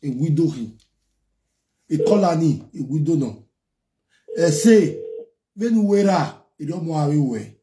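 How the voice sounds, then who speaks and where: A Nigerian man hosting a talk show, berating a caller in a scolding, mocking way. His voice sits a little high but sounds mellow and warm. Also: expressive, unhurried, pauses often. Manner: scolding, mocking, rising into loud outbursts. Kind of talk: ranting at a caller in Nigerian Pidgin.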